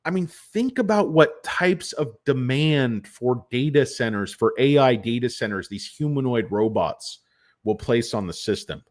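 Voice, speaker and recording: A man's voice: mid-range voice, lively intonation, unhurried. A man in a mid-range voice gives loose, rambling stock commentary. He drifts off on tangents and swears freely. His tone is casual and unscripted. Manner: rambling, profane, digressive. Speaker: stock vlogger.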